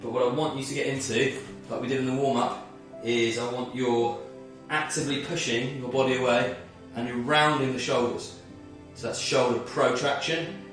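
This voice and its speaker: A man's voice: mid-range voice, fairly even intonation, moderate pace, few pauses, fairly bright tone, very echoey, distant mic, faint music behind. A man leading a guided movement and mindfulness workout as a fitness instructor, slightly out of breath, talking through each move step by step. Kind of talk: guided exercise class.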